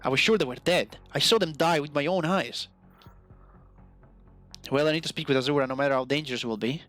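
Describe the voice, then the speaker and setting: A man's voice: fairly high pitch, a little fast, fairly bright tone, soft background music, close to an everyday voice. A man reading aloud the lines of a troubled young male clan warrior in a role-playing game, speaking in an urgent, defensive manner.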